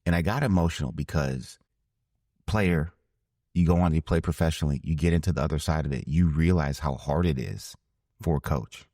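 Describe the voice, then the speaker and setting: A man's voice: a bass voice, fairly quick, darkish tone, dry recording, clean studio sound. A man in his forties telling a heartfelt story as a podcast guest, earnest and emphatic, often repeating phrases for weight. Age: 40s. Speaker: podcast guest, former ballplayer and broadcaster. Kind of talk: storytelling interview answer.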